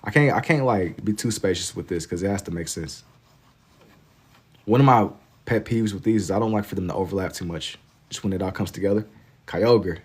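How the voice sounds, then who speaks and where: Young man from Kentucky, slightly low voice, laid-back slangy livestream chatter while drawing. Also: fairly quick, darkish tone, breathy edge. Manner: laid-back and slangy, reading chat aloud. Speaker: livestreaming artist.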